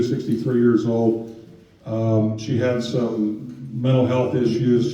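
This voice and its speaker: Casting note: man telling a story to an audience, mellow and loose, lots of uh and um, caught from a distance in a very echoey room. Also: medium pitch. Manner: conversational, with many fillers. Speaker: presenter on scams. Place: museum meeting room. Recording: roomy, distant, dull sound.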